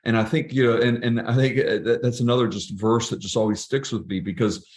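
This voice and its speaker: A man's voice: medium pitch, fairly even intonation, fairly quick, a little mellow. A middle-aged man speaking as a podcast guest, telling personal stories in an earnest, reflective way with frequent restarts. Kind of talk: casual interview conversation.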